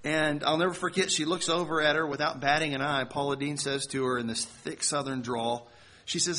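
A man delivering a sermon to a congregation, telling a story in a conversational way with slow, emphatic phrasing. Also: on the high side, fairly even intonation, bright, forceful tone. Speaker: pastor.

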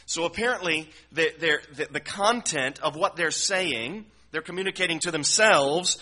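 A preacher with a fairly high, sharp-toned voice works verse by verse through a Bible passage at normal speed, earnest and explanatory, often repeating words as he develops a thought.

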